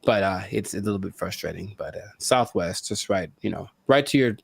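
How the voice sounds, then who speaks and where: A man co-hosting a podcast in casual chat, rambling, letting his sentences trail off quietly, then getting worked up. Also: fairly low pitch, brisk, vocal fry, breathy edge, dry recording. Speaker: podcast co-host.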